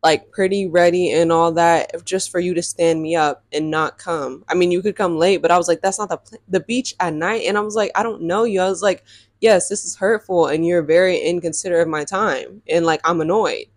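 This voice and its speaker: A young woman telling a dating story in a casual storytime vlog, sassy and animated and laughing often. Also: fairly low pitch, fairly quick, few pauses, no echo, studio quality.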